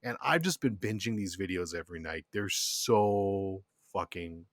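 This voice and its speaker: A man's voice: low-pitched, a little slow, no room sound. A man hosting a podcast, chatting casually and enthusiastically. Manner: animated, enthusiastic storytelling with laughs. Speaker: podcast host. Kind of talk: casual chat.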